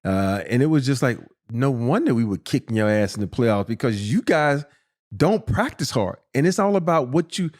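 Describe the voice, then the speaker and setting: Profane animated storyteller, man in his fifties. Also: medium pitch, moderate pace. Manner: animated, profane, acts out quotes in a raised voice. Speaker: podcast guest, former pro basketball player. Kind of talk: casual storytelling.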